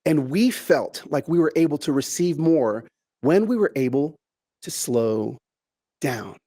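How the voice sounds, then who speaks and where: A middle-aged man delivering a motivational keynote to a virtual audience, with a slightly higher voice than most men. He talks in an animated, chatty way, restarting phrases and repeating words. For emphasis he stretches key words out slowly, one at a time. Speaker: keynote speaker.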